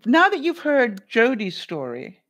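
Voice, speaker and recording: A woman's voice: on the high side, wildly swooping pitch, a little slow, fairly bright tone. A woman hosting a casual live stream, chatting with viewers, laughing often and acting out other people's lines. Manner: laughs often while telling a story; greets viewers in the live chat.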